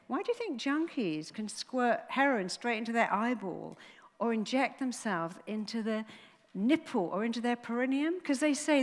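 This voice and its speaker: A woman's voice: fairly high pitch, unhurried. A woman giving a motivational talk, telling stories and acting out the people in them. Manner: animated storytelling, acting out voices. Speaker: motivational speaker. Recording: long reverb of a large hall.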